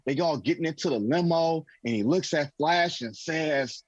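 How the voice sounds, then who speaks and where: A man co-hosting a casual sports talk show, telling animated stories and acting out what players were thinking. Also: fairly high pitch, normal speed, hardly any pauses, no echo, highs cut off. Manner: animated storyteller, acting out quotes.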